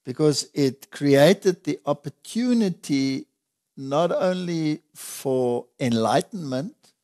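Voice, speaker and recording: A man's voice: medium pitch, darkish tone. A man teaching the Bible in conversation, earnest and emphatic, reading scripture aloud in old-fashioned wording.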